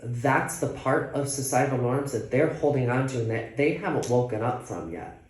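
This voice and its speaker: A man's voice: medium pitch, moderate pace, slight background noise. A man in a casual conversation, speaking earnestly and repeating his points for emphasis. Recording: echoey room.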